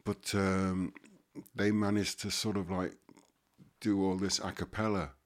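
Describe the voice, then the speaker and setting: Older Liverpool man, very deep voice, rambling and halting guest storyteller. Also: flat delivery. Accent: Liverpool (Scouse). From Liverpool, England. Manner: halting, many fillers and restarts. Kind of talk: casual recollection.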